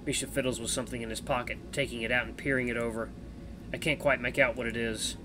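A man's voice: medium pitch, little pitch movement, quick pace, noisy background. A man hosting a gaming channel, upbeat and chatty with the audience, reading a visual novel's narration aloud at a desk microphone. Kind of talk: let's play commentary and story reading.

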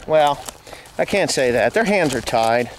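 A man's voice: medium pitch, lively intonation, a little slow, a little hiss or hum. A man, a farmer with a New Jersey accent, ranting furiously and swearing while filming outdoors in his field on a handheld camera. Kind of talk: angry vlog rant.

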